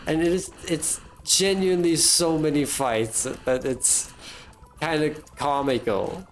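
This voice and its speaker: Slow, rambling game streamer. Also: medium pitch, steady tone, a little hiss or hum. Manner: rambling, self-amused musing with restarts. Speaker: live streamer playing a video game. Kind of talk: casual live-stream commentary.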